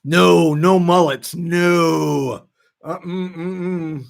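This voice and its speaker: A man hosting a live stream, reading out viewer comments in a casual, halting way with frequent restarts. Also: a little high, fairly even intonation, gravelly. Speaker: livestream host reading chat.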